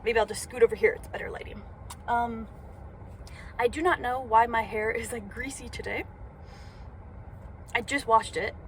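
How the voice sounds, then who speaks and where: Her voice sits on the high side as a young woman vlogs into her phone from a parked car, at a moderate pace with frequent pauses. The monologue is rambling and self-conscious, heavy on fillers, with slight background noise.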